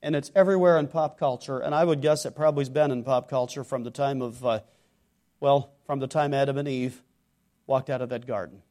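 A man preaching a sermon, moving between loud exhortation and hushed earnest tones, acting out imagined questioners and their replies. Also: medium pitch, steady tone, fairly quick.

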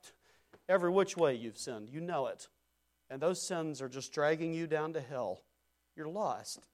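A man preaching a sermon in an emphatic, repetitive cadence, swinging between loud declarations and quieter passages. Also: on the high side.

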